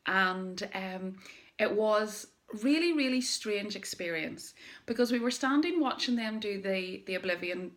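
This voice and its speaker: Lively woman telling a motivational story. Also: medium pitch. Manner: lively, emphatic storytelling with dramatic pauses. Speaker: direct-sales business owner. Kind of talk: motivational personal story to camera.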